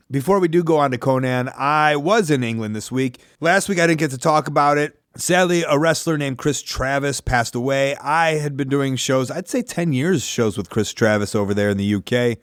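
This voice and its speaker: A man, hosting a podcast in a rambling, self-deprecating monologue with animated asides. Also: mid-range voice, dry recording, clean studio sound. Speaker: podcast host. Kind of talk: casual monologue.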